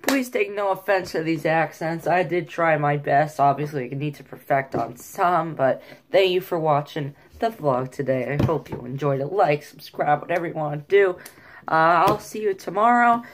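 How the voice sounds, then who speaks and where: A woman talking casually in a vlog, hesitant and filling pauses with ums, a little self-deprecating. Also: deep voice, a little hiss or hum. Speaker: vlogger.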